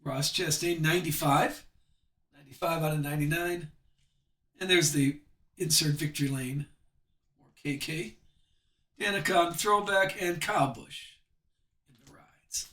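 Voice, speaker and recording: A man with a high, bright voice hosts a live card break, chatty and upbeat as he calls out each card he pulls. He sounds a bit off the mic, and the room is echoey. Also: a little slow, pauses often, far from the mic. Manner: chatty, upbeat, calls out cards as he opens packs.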